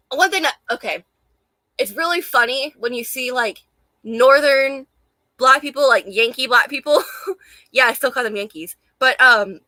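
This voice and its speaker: A young Southern woman from Charleston, South Carolina, with a light local accent, rants casually to camera as a vlogger. Her high, sharp voice is dry and close-miked, and she rambles emphatically, swearing and laughing often. She sounds hot and a little out of breath.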